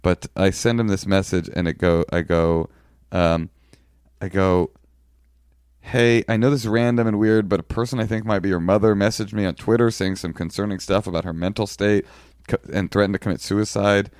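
Low-voiced man telling a rambling story. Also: clear, resonant tone, no room sound, clean studio sound. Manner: rambling, halting, deadpan jokes. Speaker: podcast co-host. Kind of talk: casual storytelling chat.

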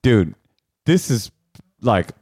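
A man's voice: medium pitch, very animated, extremely slow, noisy background. A man co-hosting a podcast, chatting casually in a rambling, joking, crude way. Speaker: podcast co-host. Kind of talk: casual chat.

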